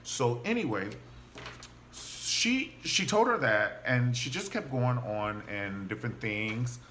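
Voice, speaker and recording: A man recaps a TV drama in a loose, gossipy way, often slipping into the characters' voices. His pitch swings widely as he talks. A faint hiss sits under the recording. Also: slow pace. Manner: animated and gossipy, acts out quotes of characters. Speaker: TV show reviewer. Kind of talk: casual recap and commentary.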